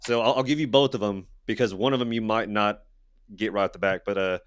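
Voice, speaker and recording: A man's voice: fairly low pitch, fairly even intonation, fairly quick, smooth, no room sound, clean studio sound. A man co-hosting a casual podcast, chatting in a laid-back, playful way. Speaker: podcast co-host. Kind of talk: casual chat, quoting movies.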